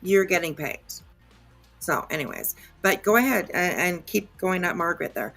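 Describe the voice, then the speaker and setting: A woman's voice: on the low side, sing-song, moderate pace, creaky, fairly bright tone, soft background music. A woman hosting a podcast, giving blunt, indignant reaction commentary on a played clip and swearing freely. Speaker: podcast host.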